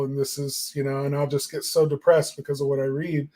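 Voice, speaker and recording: A man's voice: a little high, steady tone, moderate pace, hardly any pauses, dark tone. A man co-hosting a marketing talk show, musing in casual chat with lots of fillers. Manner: reflective and rambling, many fillers.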